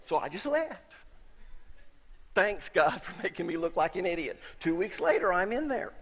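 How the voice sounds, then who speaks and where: A middle-aged man preaching a sermon as a pastor, telling stories in a conversational way and sometimes getting suddenly loud for emphasis. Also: high-pitched, big pitch swings, normal speed, in a large hall, a little hiss or hum.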